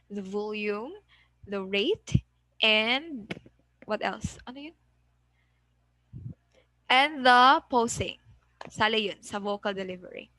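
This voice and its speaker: A woman's voice: fairly high pitch, bright, forceful tone, no room sound, rough recording. A woman teacher reviewing a lesson, mixing English and Cebuano and often checking in with "okay?". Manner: slow, deliberate, switching between English and Cebuano, frequent "okay?" checks.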